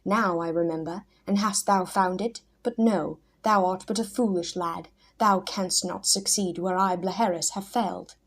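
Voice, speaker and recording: A woman's voice: fairly low pitch, steady tone, normal speed, hardly any pauses, breathy edge. A woman doing a wild mad old hermit. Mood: eager. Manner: intense, archaic speech, shouting then hushed.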